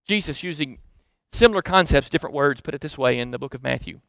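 A middle-aged man with a Southern American accent preaching a sermon conversationally, building up emphatic lists and then dropping to hushed asides. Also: on the high side, lively intonation, quick pace, creaky, dry recording, studio quality. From Southern United States. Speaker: pastor.

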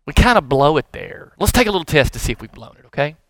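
A middle-aged man preaching a sermon with animated, emphatic bursts. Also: on the high side, fast talker, no echo, rough recording. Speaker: pastor.

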